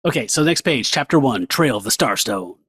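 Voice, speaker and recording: A man co-hosting a comics podcast, casually recapping comic pages and speeding up in animated bursts. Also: mid-range voice, brisk, husky. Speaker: podcast co-host.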